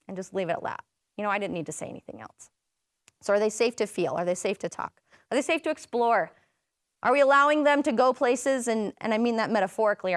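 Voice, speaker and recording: A woman with a medium-pitched voice leads an interactive parenting workshop, chatting with the audience, asking them questions and rephrasing their answers. The recording is dry and studio quality.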